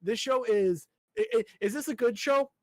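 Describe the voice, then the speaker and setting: A man's voice: very high-pitched, lively intonation, moderate pace, a little mellow, dry recording. A man co-hosting a casual podcast, animatedly recapping an anime episode, acting out the characters' lines and swearing freely. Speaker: podcast co-host.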